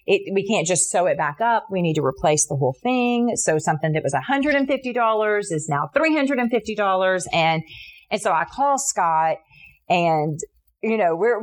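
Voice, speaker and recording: Middle-aged woman, lowish voice, telling her story in an interview, lots of ums and restarts, acts out the quotes. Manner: earnest, animated retelling with many fillers and restarts; voices others in quotes, jumping high for her own reactions. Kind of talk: personal testimony storytelling.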